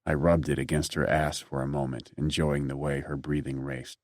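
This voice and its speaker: A man giving brooding first-person audiobook narration in a low, quiet delivery. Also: steady tone, normal speed, few pauses, no room sound, clean studio sound.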